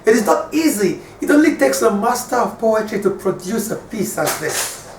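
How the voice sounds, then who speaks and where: A man teaching a lesson on poetry, explaining slowly and counting syllables aloud. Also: high-pitched, big pitch swings. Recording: roomy, distant voice with faint ambient noise.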